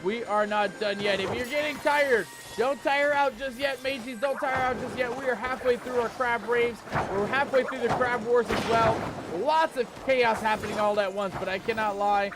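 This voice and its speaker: A man's voice: very high voice, normal speed, few pauses, over loud music. A man streaming a cozy game, talking to his chat in a playful pirate-themed showman manner. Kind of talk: hyped live game stream commentary.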